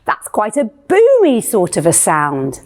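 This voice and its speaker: A woman's voice: medium pitch, wildly swooping pitch, a little slow, a little mellow, slight background noise. A woman leading a playful music lesson for young children, asking sing-song questions.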